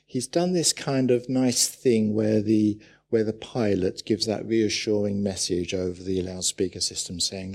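A man preaching a sermon in a church, telling stories with animated, urgent bursts. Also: on the low side, unhurried, few pauses, slightly rough. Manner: animated storytelling with sudden loud urgent bursts.

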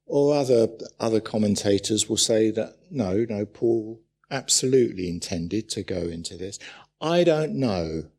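A man preaching a sermon in a church, telling stories with animated, urgent bursts. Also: fairly low pitch, unhurried, husky. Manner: animated storytelling with sudden loud urgent bursts.

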